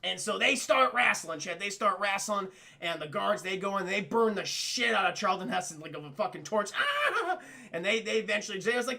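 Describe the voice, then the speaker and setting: A man reviewing a film on a live stream, excitable and profane, acting out characters in quick voices as he recaps scenes for chat. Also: high-pitched, creaky.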